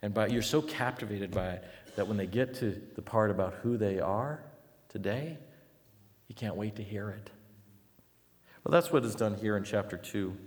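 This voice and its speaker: A middle-aged man preaching a sermon, telling stories with animated swings between loud and hushed delivery. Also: on the low side, moderate pace. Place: church sanctuary. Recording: long reverb of a large hall.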